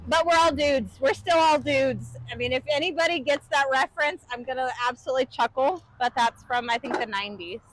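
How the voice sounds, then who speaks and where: A woman's voice: high-pitched, fairly quick, few pauses, rough recording. A woman from the United States co-hosting a live cooking stream, chatting casually and upbeat while reading out viewer comments.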